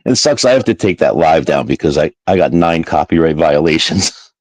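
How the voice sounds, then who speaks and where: A man hosting a livestream in loose casual chat, rambling through stories with frequent laughter and casual swearing. His voice is very low. The recording is dry and close, without room echo. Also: expressive, moderate pace, darkish tone. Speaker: livestream host.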